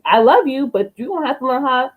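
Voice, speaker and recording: A middle-aged woman in casual podcast conversation, blunt and outspoken, swearing freely as she tells stories. Her pitch swings widely and lively. She sounds expressive and direct. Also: quick pace, phone-quality sound. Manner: blunt, animated storyteller who swears freely. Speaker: co-host, youth worker.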